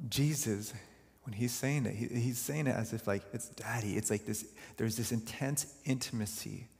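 A male pastor delivering a sermon, earnest and unhurried, slowing down to dwell on the words that matter to him. His voice carries a gravelly fry. It rings out with the long reverb of a church sanctuary. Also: fairly low pitch, a little mellow.

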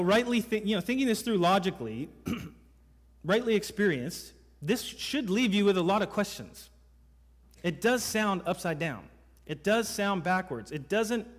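A man preaching a sermon as pastor in a church, emphatic, asking the congregation one rhetorical question after another. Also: high voice. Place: church sanctuary. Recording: reverberant hall sound.

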